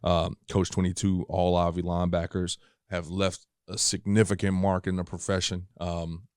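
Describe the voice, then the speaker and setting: A man's voice: low voice, level tone, normal speed, darkish tone, clean tone, dry recording, studio quality. A man hosting a podcast interview, asking long questions with many fillers and admiring his guest. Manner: fills with um and you know, admiring. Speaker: podcast host.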